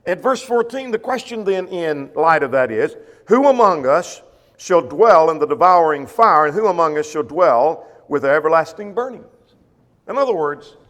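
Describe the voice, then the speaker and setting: Man teaching Bible class, hall reverb. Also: fairly high pitch. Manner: explanatory, paraphrases scripture in plain words, with fillers and restarts. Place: church classroom.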